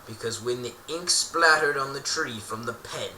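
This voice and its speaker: A man's voice: medium pitch, normal speed, a crowd in the background. A man telling an improvised story in a playful, rambling way, often correcting himself mid-sentence. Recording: roomy echo, distant mic.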